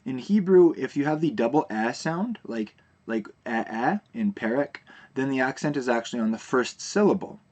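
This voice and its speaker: A man teaching a recorded video lesson, explaining terms in a relaxed way with frequent fillers and restarts. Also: mid-range voice, moderate pace.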